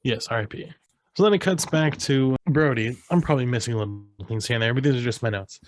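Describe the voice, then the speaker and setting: Animated man retelling a movie. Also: medium pitch, fast. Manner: animated retelling, acting out lines in raised voices. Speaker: podcast co-host. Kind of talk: casual movie recap chat.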